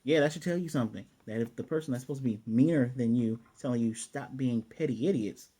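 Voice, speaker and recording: An anime reviewer with a medium-pitched, warm voice casually recaps an episode at a rapid-fire pace. His retelling is loose and chatty, full of fillers, and he stops now and then to find his place.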